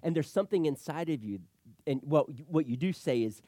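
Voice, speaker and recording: A middle-aged man pastor preaching a sermon, animated, swinging between loud emphatic lines and hushed asides. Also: fairly high pitch, a little fast, no echo, clean studio sound.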